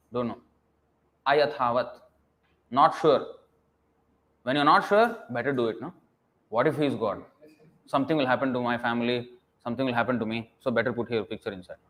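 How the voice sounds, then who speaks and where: A man's voice: mid-range voice, a bit bright. A man giving a scripture lecture as a preacher, emphatic and scolding, firing rhetorical questions and dropping to a mutter at phrase ends.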